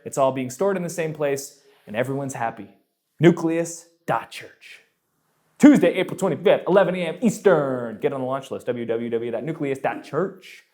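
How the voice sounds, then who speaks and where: A man hosting a casual Q&A explainer show, talking in an energetic, animated and jokey way. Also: on the high side. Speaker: show host answering viewer questions.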